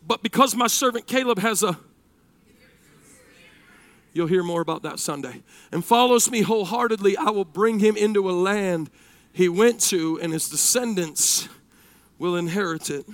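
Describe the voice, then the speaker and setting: A man, preaching a sermon that swings between shouted passages and hushed storytelling. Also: high voice, dry recording.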